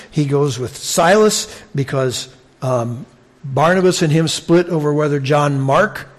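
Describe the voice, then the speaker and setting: A man teaching through a Bible passage in a conversational way, with asides and restarts. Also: mid-range voice.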